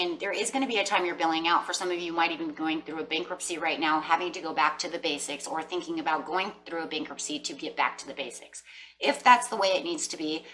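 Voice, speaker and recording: A woman with a low, forceful voice gives a casual, motivational tarot reading and speaks right to her listeners. She sounds earnest and encouraging. Her voice comes from a bit away from the mic, with a faint hum underneath. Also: recorded from a distance, rough recording. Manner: earnest, encouraging, talks straight to viewers. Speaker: tarot reader.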